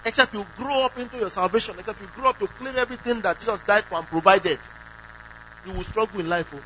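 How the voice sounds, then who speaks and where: A man's voice: high voice, fast talker, pushed and bright. A man preaching a sermon who asks the congregation questions and acts out quoted prayers. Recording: dull lo-fi recording with faint hum.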